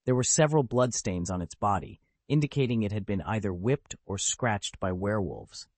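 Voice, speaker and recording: A man's voice: lowish voice, expressive, normal speed, a little mellow, no echo. A man narrating a web novel as an audiobook, telling the story steadily.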